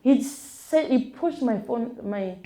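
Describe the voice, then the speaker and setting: A young South African woman telling a personal testimony as an interview guest, in a halting, hesitant way full of restarts and repeated words. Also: a little high, lively intonation, mellow. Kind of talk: emotional first-person storytelling.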